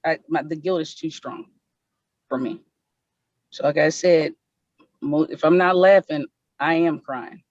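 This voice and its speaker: A woman's voice: deep voice, unhurried, long pauses, a little mellow, no echo. Woman on a video call telling her own story, earnest, circles back on words, muffled lo-fi sound, dry. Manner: earnest, repeats herself when moved. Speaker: panel presenter. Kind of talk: emotional personal storytelling. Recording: dull lo-fi online call audio.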